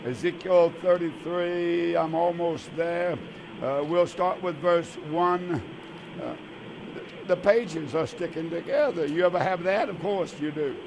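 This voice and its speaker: A man's voice: a little high, fairly even intonation, a little slow, noisy background. An older man, hosting a religious radio call-in show as pastor, emphatic and repetitive. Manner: warm, emphatic, repetitive preacher's talk.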